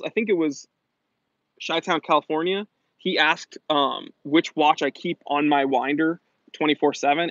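A man with a fairly high voice talks casually on a live stream, answering viewer questions with lots of restarts and fillers. The sound is dry and close, with a slightly dull, lo-fi quality. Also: no echo. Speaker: watch shop owner hosting a live stream.

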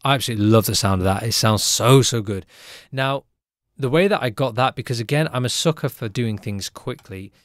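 Medium-pitched and relaxed, a male music producer walks through a cheerful tutorial in a conversational way, often tacking a quick question onto his lines.

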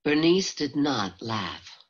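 Casting note: woman audiobook narrator, calm and measured, low husky voice, dull lo-fi sound. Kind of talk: scripted narration. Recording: dull lo-fi home recording.

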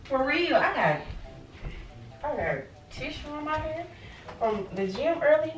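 A woman's voice: high-pitched, animated, unhurried, soft background music. A young woman in a bedroom at home, arguing casually with her partner in an insistent, exasperated, slangy way, recorded on a camera mic across the room. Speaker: YouTuber in a prank video. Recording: echoey room, mic off at a distance.

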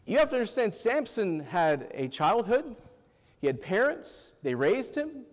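High-voiced pastor preaching in a reverberant hall. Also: male voice, sing-song, measured pace. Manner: asks the congregation questions and repeats "Amen". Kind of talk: sermon.

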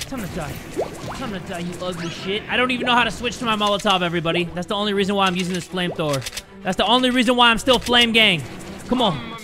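A man doing let's play commentary as a gaming YouTuber, joking crudely and yelling at the game. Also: high-pitched, fast talker, music in the background.

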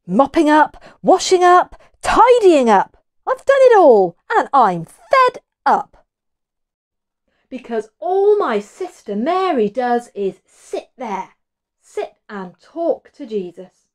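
A woman's voice: high voice, big pitch swings, takes it slowly, voice pushed up, exaggerated voice. A woman reading a storybook aloud and voicing a tired, cross grown woman who moans that she does all the housework. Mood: moaning, fed up. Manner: whiny, moaning, emphatic.

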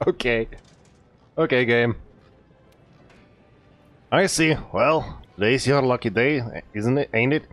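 A man voicing a boisterous male blacksmith from a video game in a put-on fake Scottish accent, loud and bantering. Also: medium pitch, takes it slowly, long pauses, dry recording. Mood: boastful.

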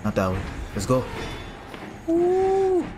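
A man's voice: fairly low pitch, big pitch swings, a little slow. A man commentating his horror game playthrough, reacting in panic with casual slang. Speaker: gaming streamer. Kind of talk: let's play commentary. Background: game music.

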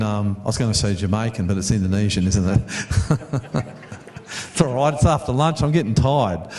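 A man's voice: medium pitch, darkish tone, roomy sound. A middle-aged Australian man preaching a sermon to a congregation, chatty, repeating words and putting questions to the audience. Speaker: pastor. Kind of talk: storytelling sermon.

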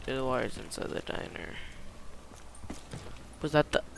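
A man giving profane, excitable commentary over a video game, slipping into Spanish slang, on a cheap headset mic. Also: mid-range voice, measured pace, creaky, slight background noise. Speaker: gamer. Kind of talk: gameplay commentary.

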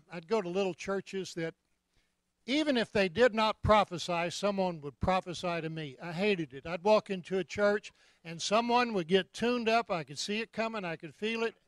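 Older guy preaching, cracks jokes, yells praise god, kinda high voice, dry sound. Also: no room sound. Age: 70s. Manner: jovial, joking, bursts of loud praise. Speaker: guest preacher. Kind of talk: sermon.

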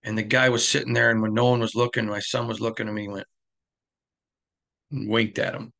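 A man's voice: on the low side, level tone, a little fast, vocal fry, fairly bright tone. A middle-aged man hosting a sports podcast, talking in an emphatic monologue and repeating lines for effect. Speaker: podcast host.

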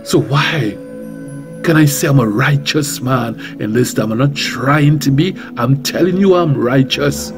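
A man's voice: medium pitch, measured pace, music in the background. A man with a Trinidadian accent, a reverend preaching on talk radio, bold and emphatic, repeating phrases and firing rhetorical questions. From Trinidad and Tobago.

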